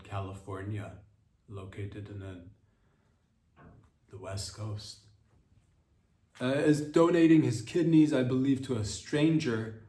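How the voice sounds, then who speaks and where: A man's voice: medium pitch, warm tone. A man hosting a comedy podcast, rambling and profane in a casual monologue, losing his thread as he talks. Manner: rambling, profane, loses his train of thought. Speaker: podcast host. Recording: roomy, distant from mic.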